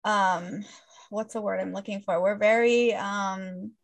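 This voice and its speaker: A woman's voice: medium pitch, steady tone, slow pace. A woman co-hosting a podcast, talking in a casual chat full of fillers and "like". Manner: chatty, many fillers and likes. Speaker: podcast co-host.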